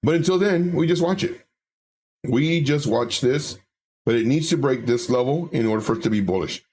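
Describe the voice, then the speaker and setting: On a relaxed livestream, a male host reads out viewer comments and discusses charts, frequently saying things twice. His voice sits at a medium pitch with a darkish tone, lively intonation, and a moderate pace.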